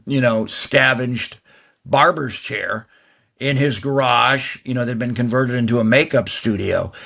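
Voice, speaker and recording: An older man, a guest actor, telling long stories in an interview, talking fast and restarting phrases as he goes. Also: medium pitch, creaky, fairly bright tone. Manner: fast, rambling talker who restarts mid-phrase. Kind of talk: anecdotal interview storytelling.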